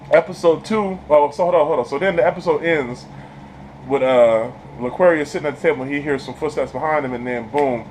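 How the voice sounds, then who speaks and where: The man's voice sits at medium pitch, and the low-quality recording has a little hiss or hum. He's doing a loose spoiler review of a TV episode, acting out scenes with character voices, laughing often, and using casual slang throughout.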